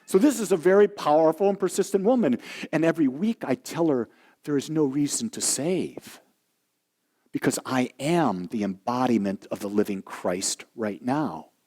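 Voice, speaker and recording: A man's voice: mid-range voice, normal speed. A male minister giving a sermon, telling stories and acting out the voices of the people in them. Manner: animated storyteller acting out quoted voices. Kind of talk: sermon with storytelling.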